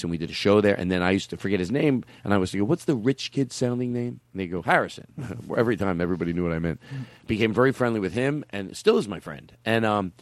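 Rambling guy hosting a comedy podcast, talks fast, kinda low voice, dry studio sound. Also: no room sound. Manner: rambling storyteller, trails off and restarts. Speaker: podcast host. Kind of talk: casual comedic chat.

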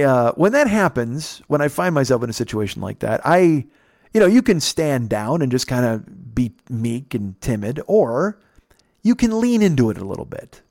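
A man telling a casual, profane story on a podcast, jumping up in pitch to mimic the people in it. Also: dry recording, clean studio sound. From United States. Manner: animated, profane, mimics others with pitch jumps. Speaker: podcast host.

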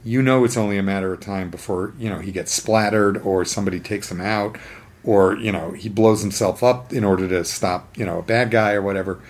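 A man voicing a young sidekick hero who reasons calmly and persuasively. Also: on the low side, a little fast.

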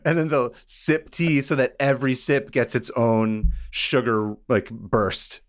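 A man co-hosting a podcast, telling a story in a casual, animated, joking way. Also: medium pitch, unhurried. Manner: animated, joking, drops into voices. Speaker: podcast co-host.

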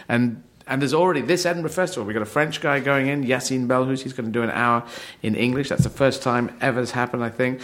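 A middle-aged man born in Yemen, a comedian chatting on a podcast, rambling and playful, slipping into quick mock voices. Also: medium pitch, a bit bright. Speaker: comedian guest. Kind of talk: casual podcast chat.

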